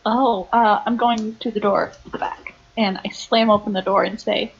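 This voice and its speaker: A woman's voice: mid-range voice, fairly even intonation, normal speed, creaky, few pauses, slightly rough, dull audio. A young woman playing a tabletop game, brash and gleeful, laughing as she describes her moves. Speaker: player.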